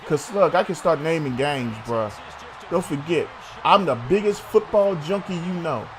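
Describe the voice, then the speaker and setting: A man's voice: a little high, lively intonation, moderate pace. A man hosting a sports talk show, arguing heatedly with a co-host, swearing and calling him bruh.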